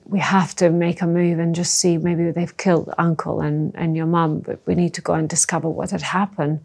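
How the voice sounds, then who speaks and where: A middle-aged woman from the former Yugoslavia, recounting her past in a halting, emotional personal testimony. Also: on the low side, vocal fry, darkish tone. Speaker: interview guest.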